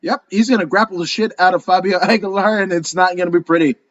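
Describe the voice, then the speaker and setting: A man's voice: high voice, steady tone, fast, fairly bright tone, muffled recording. A man co-hosting a casual fight preview chat, rambling and joking with plenty of swearing. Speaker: co-host.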